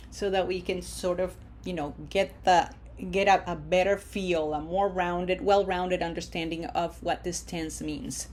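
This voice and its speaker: A woman teaching a language lesson, stretching out example words slowly and talking in a patient, explaining way. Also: on the low side, a little mellow, slight background noise. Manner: slow, drawn-out modeling of words, then quick asides.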